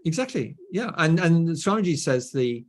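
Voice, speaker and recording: A man's voice: fairly high pitch, very animated, moderate pace. English man with a BBC-style accent. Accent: southern English, BBC-style. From England. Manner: storytelling, often adds "right?". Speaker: guest author. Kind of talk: conversational interview.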